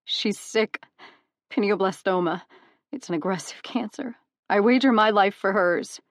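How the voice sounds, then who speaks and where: A woman voicing a desperate young mother in an audiobook, tearful and pleading, her voice rough and nervous. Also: medium pitch, measured pace, dry recording, clean studio sound, natural voice. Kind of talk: audiobook character voice.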